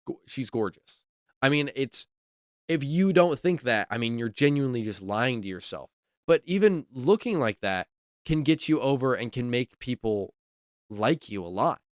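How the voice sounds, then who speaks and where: A man's voice: medium pitch, no room sound, clean studio sound. A man hosting a wrestling podcast, giving casual, enthusiastic opinion commentary, repeating himself and saying "like" a lot.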